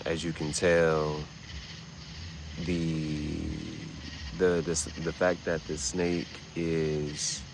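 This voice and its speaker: A man hosting a livestream, giving casual, rambling, slangy commentary with sudden loud, excited bursts. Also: extremely low pitch, noisy background. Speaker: livestream host.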